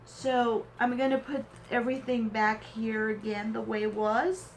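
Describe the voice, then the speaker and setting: A woman unboxing a craft swap package on her vlog, gushing and sentimental, with halting pauses and fillers. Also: a little high, steady tone, a little hiss or hum, low-quality recording. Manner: gushing and sentimental, exclaims often. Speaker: crafting vlogger.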